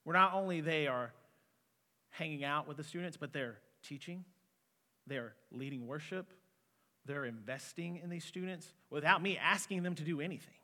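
A man's voice: a little high, normal speed, sharp tone. A man in his twenties preaching an earnest, conversational sermon as a student pastor in a church hall. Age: 20s. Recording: long reverb of a hall.

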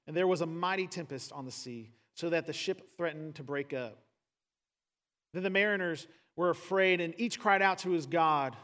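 A man preaching a conversational sermon, acting out the people in the story and building to loud, emphatic peaks. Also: fairly high pitch. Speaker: pastor. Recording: long hall reverb.

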